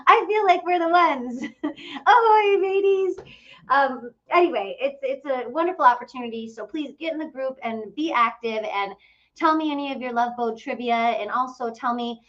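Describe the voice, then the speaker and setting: A woman's voice: high-pitched, normal speed, fairly bright tone. Chatty woman telling a story, lo-fi. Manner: chatty, lots of fillers and quoted dialogue, frequent laughs. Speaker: host of a travel group channel. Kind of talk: casual storytelling to followers.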